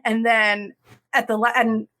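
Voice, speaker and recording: A woman's voice: a little high, measured pace. A woman co-hosting a podcast, casually and animatedly retelling a drama plot. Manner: animated storytelling, acting out characters' lines. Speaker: podcast co-host. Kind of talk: casual chat.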